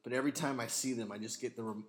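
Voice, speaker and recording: A man hosts a casual family chat, rambling and animated and quick to laugh. His voice sits at a middle pitch. It rings with a long hall reverb. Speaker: podcast host.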